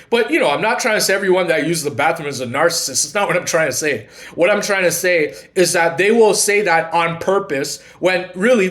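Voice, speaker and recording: A man's voice: a little high, fairly bright tone. A man hosting his own channel, speaking in a casual monologue and telling long, earnest stories. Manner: earnest, long-winded storytelling. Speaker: channel host and coach.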